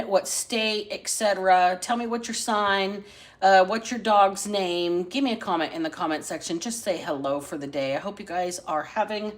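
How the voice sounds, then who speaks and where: Chatty woman hosting a psychic live stream. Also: mid-range voice. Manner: chatty, drawls single words then talks fast. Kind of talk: casual live-stream tarot reading. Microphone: phone camera.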